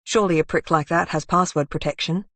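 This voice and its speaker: A woman's voice: lowish voice, fast talker, a bit bright, no echo. A woman voicing a blunt, sardonic woman sleuth in an audiobook who swears often. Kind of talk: audiobook character reading.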